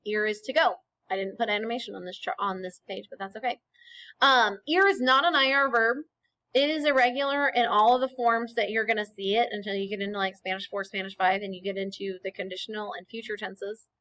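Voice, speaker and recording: A woman teaching Spanish in a recorded lecture over slides, explaining patiently and often checking in with a quick "okay?". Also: mid-range voice, steady tone, bright, forceful tone, low-quality recording.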